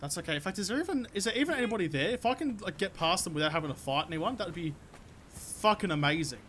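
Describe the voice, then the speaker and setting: A young man commenting on his own gameplay as a let's play host, excitable and swearing constantly while talking to the creatures in the game. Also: sits high, fast, slight background noise.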